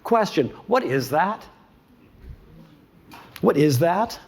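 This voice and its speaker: A man's voice: fairly high pitch, sing-song, slow, gravelly. A man presenting a curriculum to an audience. He talks emphatically, repeats his key points and asks rhetorical questions. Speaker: conference speaker presenting a curriculum.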